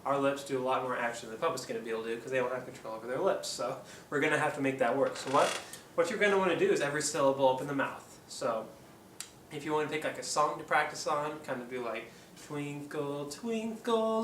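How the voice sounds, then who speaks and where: A man from Oregon walks through puppetry tips in a loose, hesitant way, stopping often for ums. He sits back from the mic in a roomy space, with a faint hum behind him. His pitch sits in a middle range. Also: fairly even intonation, fast talker, fairly bright tone. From Oregon, USA. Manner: rambling, hesitant, lots of ums. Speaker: puppeteer, channel host. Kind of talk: casual how-to tutorial. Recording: echoey room, distant mic, faint background hum.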